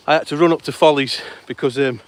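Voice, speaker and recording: Breathless man hosting outdoors. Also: fairly high pitch. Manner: breathless, chatty, apologetic. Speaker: host. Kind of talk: live on-the-move commentary. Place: outdoors at a fishing lake.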